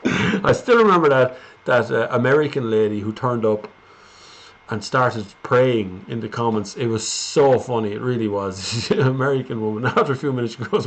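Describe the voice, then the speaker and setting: A man's voice: mid-range voice, lively intonation, brisk, creaky. An Irish man hosting a live stream, chatting casually and rambling as he reads out viewer comments.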